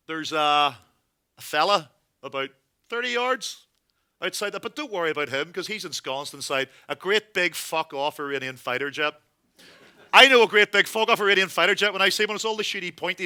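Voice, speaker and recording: A man from Northern Ireland performing a one-man stage monologue, telling a wry comic story that builds into panicked shouts. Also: sits high, smooth. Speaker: solo theatre performer. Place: theatre stage.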